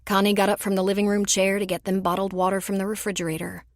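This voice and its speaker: A woman narrates a romance audiobook in a measured, even storytelling voice. The pitch sits mid-range for a woman. The recording is dry and close. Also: no echo. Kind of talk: scripted narration.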